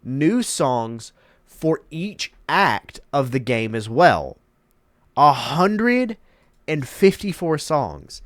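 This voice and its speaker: A man's voice: fairly high pitch, sing-song, drawn-out words, no room sound, studio quality. A congested man hosting his own channel, giving emphatic, opinionated commentary and repeating key words for effect. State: congested, stuffed-up nose. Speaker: channel host.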